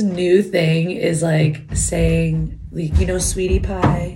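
A woman in her thirties hosts a podcast from home, chatting into a microphone with headphones on in a rambling, giggly way. Her fairly low voice is level and slow, with hardly any pauses, and loud music plays underneath.

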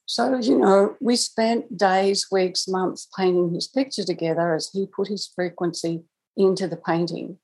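A woman's voice: medium pitch, fairly even intonation, measured pace, a little mellow, husky, poor audio. A woman guest on a podcast telling a personal story in a reflective, conversational way, laughing now and then. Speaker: guest, angel communicator.

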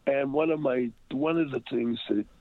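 A man's voice: mid-range voice, moderate pace, no room sound. An older man telling a rambling story as an interview guest, with many fillers and restarts. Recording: phone-like lo-fi line.

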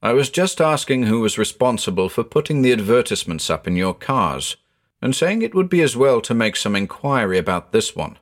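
A man voicing a polite, reserved gentleman researcher who speaks precisely, in a storybook reading. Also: mid-range voice, sing-song, a little fast, close to an everyday voice. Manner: courteous and precise.

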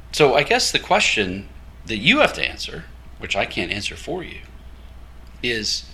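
A man's voice: mid-range voice, sharp tone. A man preaching a sermon, telling a story with quoted dialogue and light laughter. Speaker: guest preacher.

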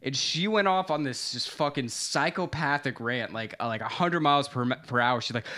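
A young man co-hosting a podcast, telling a story in casual chat, animated and swearing freely. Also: medium pitch, moderate pace, hardly any pauses. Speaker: podcast co-host.

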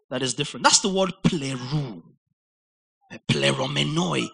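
A man preaching with a bright, forceful voice that sits a little high. He teaches emphatically, repeating key words, spelling them out and checking that his listeners follow. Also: big pitch swings, moderate pace, creaky, low-quality recording. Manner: spells out and explains Greek words. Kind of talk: sermon.

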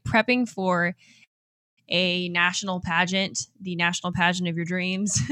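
A woman in her twenties hosting a motivational podcast, energetic and enthusiastic and quick to laugh. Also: fairly low pitch, clean tone, dry recording, studio quality. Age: 20s. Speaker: podcast host and life coach. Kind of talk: upbeat motivational podcast talk.

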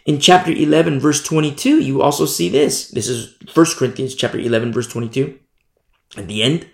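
A man preaching a sermon, repeating and stressing points, his voice climbing high when emphatic and stumbling over words as he works through scripture verse by verse. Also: a little fast, creaky, darkish tone, roomy sound. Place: church.

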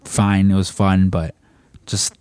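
A man hosting a podcast, rambling through a profane, animated story in casual chat, his voice a bit strained. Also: sits low, slow, clean tone, dry recording. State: strained, tired voice. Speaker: podcast host.

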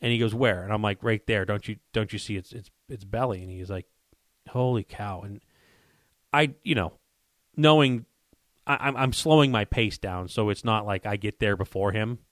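A man's voice: on the low side, normal speed, dry recording, clean studio sound. Man animatedly retelling a hunting story. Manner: animated, acts out quoted dialogue, frequent restarts. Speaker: guest telling a hunting story. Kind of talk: casual storytelling on a podcast.

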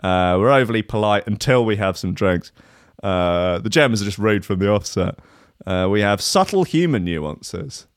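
A man's voice: fairly low pitch, animated, normal speed, smooth, no echo, clean studio sound. An English man, a young adult, giving casual sarcastic commentary and swearing as he reads out a list. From England. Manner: sarcastic, swearing, laughs at own jokes.

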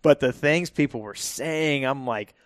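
A firefighter guest telling stories in a relaxed podcast conversation, laughing often and restarting his sentences. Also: mid-range voice, measured pace, no echo, studio quality.

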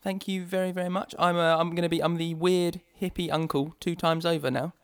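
A man's voice: a little high, little pitch movement, fairly quick, clean tone, no room sound. A man co-hosting a casual podcast from England, rambling and laughing as he jokes along. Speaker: podcast co-host.

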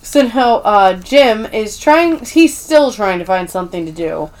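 A woman co-hosting a podcast, recapping episodes in casual chat and acting out scenes in quick put-on voices. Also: mid-range voice, lively intonation. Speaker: podcast co-host.

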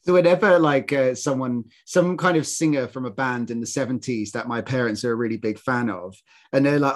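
British man co-hosting a chat podcast, halting and chatty, mid-pitched. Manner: chatty, halting, laughs at his own jokes. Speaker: podcast co-host. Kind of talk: casual chat.

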